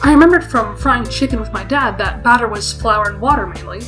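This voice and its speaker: A woman's voice: mid-range voice, fairly quick, a bit bright, soft background music. A woman reading a visual novel aloud and breaking off for wry, self-conscious comments. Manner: wry, self-conscious asides between read lines. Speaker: let's player.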